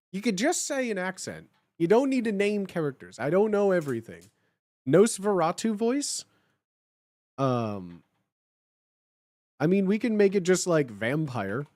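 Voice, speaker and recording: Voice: medium pitch, darkish tone, no room sound. A livestreamer talking casually with chat, reassuring and blunt, often repeating lines and joking.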